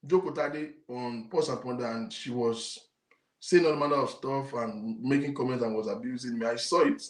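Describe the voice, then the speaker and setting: At normal speed and medium pitch, a man with a Nigerian accent rants emphatically on his own talk show. Indignant, he drives his points home through repetition and mixes in Yoruba, with the room lending a noticeable echo.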